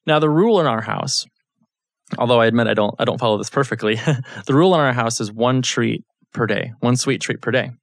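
A man's voice: mid-range voice, a little fast, creaky, no room sound. Conversational man teaching faith, dry sound. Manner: conversational, storytelling, frequent check-ins with listeners. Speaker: Bible teacher. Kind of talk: casual teaching talk.

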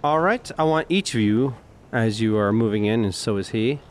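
A man's voice: on the low side, animated, normal speed, a little hiss or hum. A man narrating as game master of a tabletop game, describing actions and directing players.

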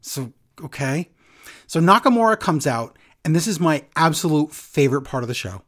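A podcast co-host recapping a wrestling show in casual chat, sarcastic and animated as they tell the story. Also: medium pitch, normal speed.

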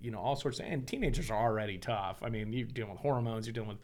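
Fast-talking man telling a family story. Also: medium pitch. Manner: animated storyteller, acts out quoted dialogue. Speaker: pastor and foster father. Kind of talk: casual podcast conversation.

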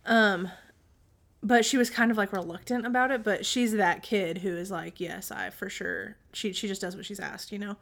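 Brief: woman in her 30s, podcast co-host, lively storyteller who acts out quotes, clears her throat often. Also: medium pitch, normal speed. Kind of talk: casual chat.

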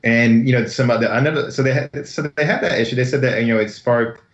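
A man's voice: mid-range voice, fast. A man co-hosting a podcast, chatting casually and laughing easily as he explains his points. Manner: talks through points with fillers, easy laughs. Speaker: podcast co-host. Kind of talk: casual chat. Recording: roomy, dull lo-fi audio.

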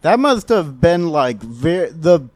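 Guy on a live comedy podcast, talks slow, voice jumps all over, laughs a lot, dry sound. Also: fairly high pitch, sing-song, darkish tone, no echo. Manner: laughs a lot, sarcastic asides. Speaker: podcast co-host. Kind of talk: casual comedic commentary. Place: comedy theater stage, live audience.

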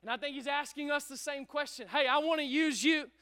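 High, bright-voiced preaching man. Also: brisk, no echo. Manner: energetic, call-and-response, urging listeners. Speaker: pastor. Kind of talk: preaching a sermon to a congregation.

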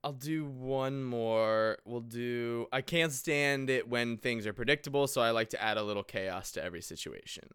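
A man chatting casually as a guest player while he builds a game character, animated and laughing often. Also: mid-range voice, moderate pace, few pauses, clear, resonant tone. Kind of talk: casual chat.

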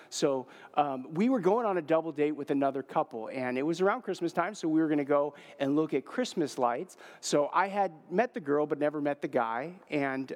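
Pastor, forties, male, higher-pitched voice, relaxed anecdotal sermon delivery, reverberant church sound. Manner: conversational storytelling with fillers. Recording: long hall reverb.

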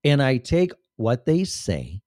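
Man, livestream host, casual rant, profane, rambling, lively pitch, dry close mic. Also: slow pace, no room sound. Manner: animated, profane and rambling, with sudden voice changes. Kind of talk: casual ranting monologue.

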